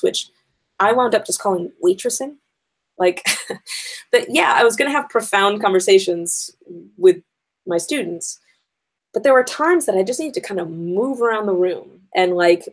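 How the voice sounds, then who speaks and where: A woman's voice: medium pitch, creaky, rough recording. A woman educator giving a conversational conference talk to teachers, explaining her points step by step with frequent ums.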